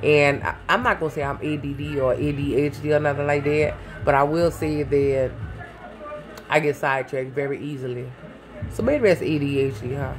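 A woman's voice: deep voice, normal speed, over music. A woman vlogging from her garage into a phone, rambling and swearing, easily sidetracked and calling her viewers baby and y'all. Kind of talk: casual chat to camera. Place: home garage. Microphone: phone held close.

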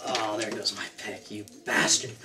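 A man's voice: on the low side, fairly even intonation, normal speed, heavy background noise. A man giving a casual guitar lesson. He counts beats aloud, chats loosely and keeps checking in with "right?", with his own guitar playing under his speech. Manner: chatty and loose, tags explanations with "right?". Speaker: guitar teacher. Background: his own acoustic guitar playing.

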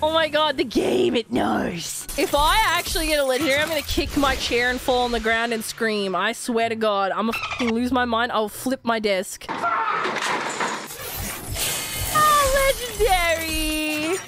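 A young woman streamer giving excitable gaming commentary, shrieking and swearing as loot comes up. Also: fairly high pitch, normal speed, few pauses, noisy background. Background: background music.

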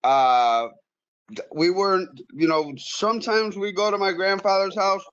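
High-voiced man telling a lively profane story. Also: unhurried, clear, resonant tone, highs cut off. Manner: animated, profane, repeats words. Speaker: guest pool player. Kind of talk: casual storytelling.

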